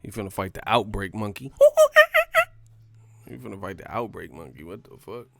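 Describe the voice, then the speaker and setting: A man's voice: deep voice, animated, moderate pace, vocal fry, slight background noise. A man hosting a live stream, ranting in casual, slangy, profane commentary. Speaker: boxing live stream host.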